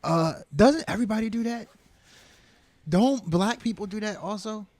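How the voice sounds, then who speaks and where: A laid-back man co-hosting a casual podcast, raising questions and making sarcastic jokes. His voice is slightly higher than usual. It is recorded close and dry. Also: moderate pace, a little mellow, dry recording. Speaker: podcast co-host. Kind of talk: casual debate chat.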